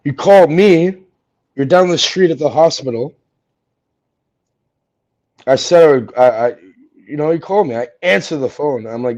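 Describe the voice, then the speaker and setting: A man's voice: on the high side, unhurried, long pauses, darkish tone. A man ranting angrily and profanely on a livestream, confronting someone he is arguing with. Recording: dull lo-fi audio.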